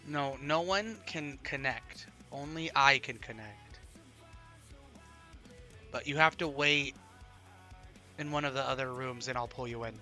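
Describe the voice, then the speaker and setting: Excitable rambling man reviewing a film. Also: medium pitch, measured pace, pauses often, faint music behind. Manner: excitable and rambling, with frequent ums and repeated phrases. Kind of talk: casual livestream movie review.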